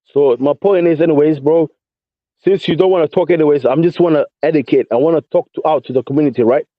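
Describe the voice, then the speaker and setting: A man's voice: a little high, fast, no room sound. Combative London man on lo-fi voice chat. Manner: combative, repetitive, peppers speech with mate and bro. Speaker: caller in a voice chat. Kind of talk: ranting casual chat. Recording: dull lo-fi voice chat audio.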